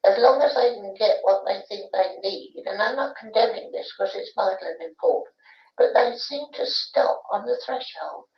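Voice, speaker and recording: Channeling the spirit of a young Cockney boy, played as roughly 12, a medium preaches earnestly about human potential in a mid-range voice with vocal fry, at a moderate pace and close to an everyday voice. It survives on a roomy, dull archival séance tape.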